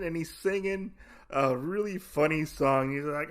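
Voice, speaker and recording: A man's voice: fairly high pitch, unhurried. A man hosting a comic podcast, recapping a story in a casual, rambling, joking way, correcting himself as he goes. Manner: rambling, self-correcting, jokey.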